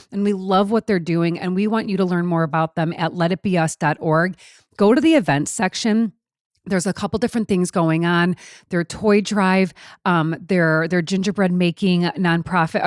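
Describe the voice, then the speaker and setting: A woman in her forties co-hosting a podcast, talking in a chatty, animated way with many fillers and restarts. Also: lowish voice, no room sound, studio quality. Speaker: podcast co-host. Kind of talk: casual chat.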